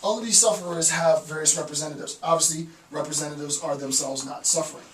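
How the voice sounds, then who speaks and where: Guy lecturing kinda rambly, keeps saying right?, voice a bit high, far off mic in an echoey room. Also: steady tone, quick pace, a bit bright. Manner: rambling, frequent "right?" tag questions, restarts. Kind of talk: informal recorded lecture. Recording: roomy echo from a distance, faint noise.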